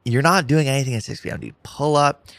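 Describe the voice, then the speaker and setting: A man's voice: mid-range voice, fast, gravelly, fairly bright tone, dry recording. Laid-back man co-hosting a radio show. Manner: laid-back, says "dude" a lot. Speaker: radio co-host. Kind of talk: casual radio banter.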